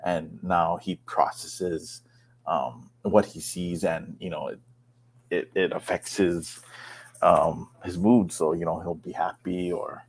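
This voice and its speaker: A man's voice: sits low, steady tone, slow, gravelly, breathy edge. A man co-hosting a podcast, talking hesitantly in casual chat, with many "you know"s. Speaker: podcast co-host.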